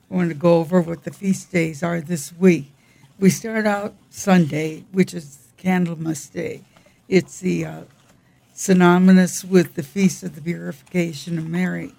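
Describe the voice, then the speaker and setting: Slow, gravelly older woman. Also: fairly low pitch, dark tone. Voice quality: gravelly, frequent throat clearing. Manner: unhurried, wry, halting reading. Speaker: co-host. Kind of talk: casual chat about weekly feast days.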